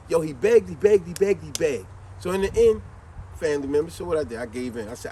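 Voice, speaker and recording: A man telling a casual story in an animated, slangy, lecturing way, recorded inside a vehicle. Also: a little high, quick pace, far from the mic, slight background noise. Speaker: vlogger.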